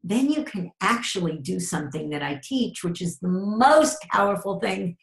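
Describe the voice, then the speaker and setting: Middle-aged woman, guest expert, animated, acts out dialogue; echoey room sound. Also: mid-range voice, moderate pace, vocal fry. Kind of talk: interview, explaining with acted examples.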